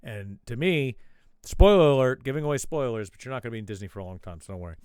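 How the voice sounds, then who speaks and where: A man's voice: mid-range voice, expressive, fast, darkish tone, clean tone, no room sound. A man hosting his own show, telling a rambling, profane story in casual chat. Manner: swears a lot, rambling asides. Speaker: show host.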